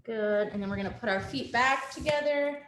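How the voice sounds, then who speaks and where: A woman teaching a family yoga class from home over a video call, giving gentle, calm instructions with soft laughs. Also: on the high side, a little fast. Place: at home, with a dog nearby. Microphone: webcam on a video call. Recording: roomy home room with faint background noise.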